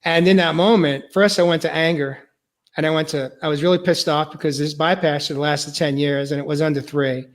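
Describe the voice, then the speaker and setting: A male podcast host sharing a personal testimony, earnest and halting, choked up and near tears. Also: fairly high pitch, fairly even intonation.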